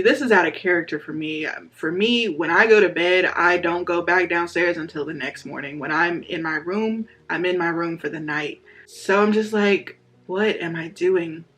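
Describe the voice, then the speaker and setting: A man's voice: high voice, normal speed, few pauses, soft background music. A man telling his personal faith story in a candid, casual way, his voice rising sharply when he acts out his own pleading. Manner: candid, animated, voice rises sharply when reenacting pleas. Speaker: vlogger sharing a faith testimony.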